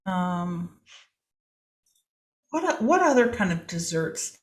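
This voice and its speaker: Slow-talking woman comedian, nervous and dry. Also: on the low side, sing-song. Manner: self-deprecating, anxious, dry humor. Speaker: comedian guest. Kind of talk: casual chat.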